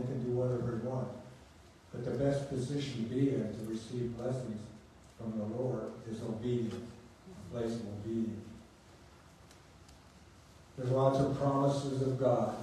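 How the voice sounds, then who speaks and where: Older male preacher, mellow, storytelling sermon, recorded from afar in a roomy hall. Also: mid-range voice. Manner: storytelling, conversational, laughs at own stories. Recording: echoey room, distant mic, faint hum.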